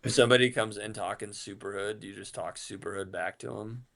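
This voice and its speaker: A man's voice: fairly low pitch, steady tone, brisk, creaky, a bit bright. A young adult man as a podcast guest, chatting in a laid-back, joking way that trails off mid-thought. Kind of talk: casual podcast chat.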